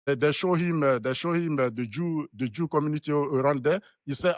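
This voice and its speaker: Guy on a live panel call, keeps restarting, repeats himself a lot, bit higher voice. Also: fairly quick, no room sound. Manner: rambling, repeats words, many restarts. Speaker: panel guest. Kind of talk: live online panel discussion.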